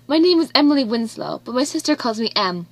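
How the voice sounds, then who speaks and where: Woman doing a giggly excitable little girl. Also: a little high, brisk. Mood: eager. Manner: giggly, eager.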